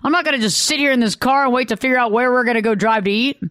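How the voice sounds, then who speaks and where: A woman, a couples therapist, talking casually and acting out quoted arguments in sudden high bursts. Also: racing, fairly bright tone, dry recording, studio quality. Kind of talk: casual solo monologue.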